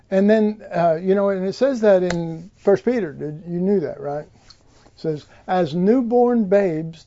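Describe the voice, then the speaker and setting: Unhurried preacher, mellow and warm, rambling Bible teaching, dull lo-fi recording. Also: mid-range voice. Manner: rambling, many fillers and restarts.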